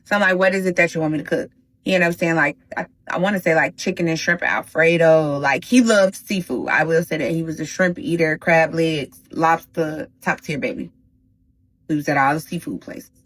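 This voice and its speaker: A woman hosting a casual storytime vlog, talking straight to her viewers in an animated, slangy way. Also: low-pitched, normal speed, low-quality recording. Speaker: storytime host.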